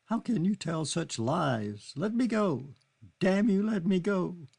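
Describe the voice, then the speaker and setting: A man's voice: medium pitch, animated, unhurried, vocal fry, a little mellow, breathy edge, pitched above the performer's own voice, exaggerated voice. A man reading an audiobook, voicing a grief-stricken young Englishwoman who sobs, pleads and lashes out. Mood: anguished. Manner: sobbing, pleading, furious.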